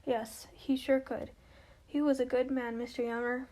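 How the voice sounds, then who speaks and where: A woman's voice: high voice, little pitch movement, normal speed, a little mellow, natural voice, poor audio. A woman voicing a tired, dry, plain-spoken young wife in an amateur play reading. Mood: sympathetic.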